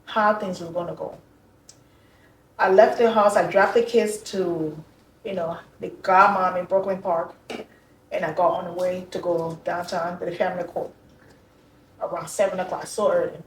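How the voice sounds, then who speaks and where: A woman telling a personal story as an interview guest, animated and acting out the voices she quotes. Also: lowish voice, normal speed, pauses often, slight background noise. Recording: echoey room, far from mic.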